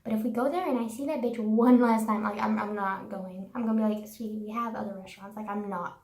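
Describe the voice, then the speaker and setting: A woman's voice: mid-range voice, steady tone, quick pace, a little mellow. A young woman vlogging a casual, profane rant, sarcastic and packed with "like.". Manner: profane, sarcastic, says "like" constantly. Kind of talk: casual ranting monologue. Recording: echoey room.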